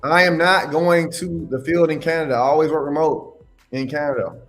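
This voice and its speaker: A man's voice: on the high side, steady tone, normal speed, a bit bright, soft background music. A man hosting a live question-and-answer stream, giving blunt, emphatic advice and scolding his viewers. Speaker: host answering live questions on insurance adjusting.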